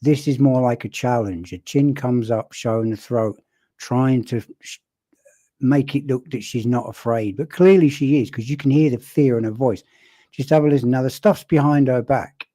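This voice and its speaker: A man casually commenting on a video clip, talking in a wry, conversational way with pauses and restarts. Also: mid-range voice, warm tone, no room sound.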